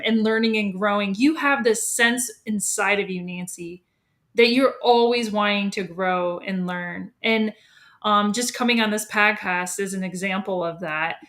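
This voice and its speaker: A woman's voice: mid-range voice, fairly bright tone. Encouraging woman podcast host. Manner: encouraging, with many affirmations and long winding questions. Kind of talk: casual interview.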